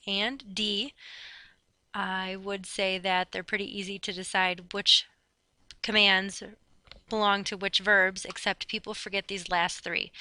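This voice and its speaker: A woman teacher giving a brisk recorded review lesson, explaining step by step. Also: medium pitch, bright, forceful tone, clean tone, no echo. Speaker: Spanish teacher.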